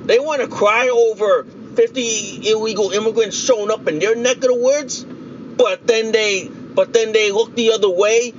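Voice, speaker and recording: High-voiced man ranting, profane. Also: fairly even intonation, normal speed, muffled recording, a little hiss or hum. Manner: profane, repetitive, heated ranting. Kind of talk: angry political rant vlog.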